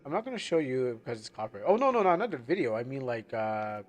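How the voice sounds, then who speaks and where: A man's voice: medium pitch, very animated, quick pace. A man streaming a game live, chatting casually and rambling as he loses his train of thought. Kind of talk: casual live gameplay commentary.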